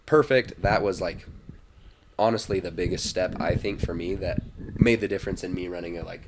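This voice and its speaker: A man on a podcast as a guest, telling his story in a relaxed, chatty way with lots of fillers. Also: low voice, fairly quick, background noise. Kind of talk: casual chat.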